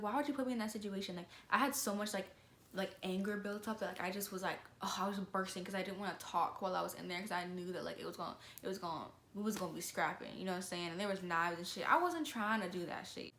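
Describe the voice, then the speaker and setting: A young woman telling a story to camera in a casual, slangy, animated way. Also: mid-range voice, fast talker, roomy sound, a little hiss or hum. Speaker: vlogger.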